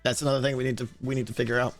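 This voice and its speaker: A man streaming a game, chatting casually with viewers and thinking aloud, with a hoarse voice and many restarts. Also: mid-range voice, little pitch movement, very fast, soft background music. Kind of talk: casual livestream chat answering viewers.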